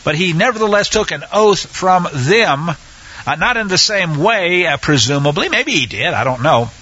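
A man teaching a Bible study in a conversational way, often pausing with fillers and restarting his sentences. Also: sits high, expressive, sharp tone, husky, muffled recording.

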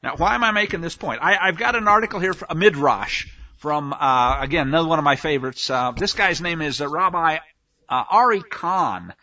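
A man's voice: on the high side, a little fast, pushed and bright, dull audio. A man preaching a sermon on scripture, emphatic, often asking the listeners rhetorical questions. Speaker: Bible teacher.

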